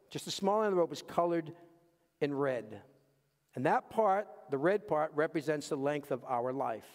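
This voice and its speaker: A man preaching a sermon as pastor in a church, emphatic and fond of repeating key phrases, moving between quiet asides and raised, pointed lines. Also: on the high side. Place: church sanctuary. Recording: long reverb of a large hall.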